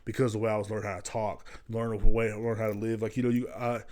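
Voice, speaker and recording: A man's voice: on the low side, level tone, fast, darkish tone. Rambling, profane podcast host, a man. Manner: rambling, profane, jumps between stories. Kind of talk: casual solo monologue.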